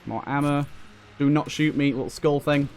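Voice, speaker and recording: A young man giving excitable running commentary while playing a video game, talking back to enemies on screen. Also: fairly high pitch, normal speed. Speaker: let's play host. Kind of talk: gameplay commentary. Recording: faint game music behind.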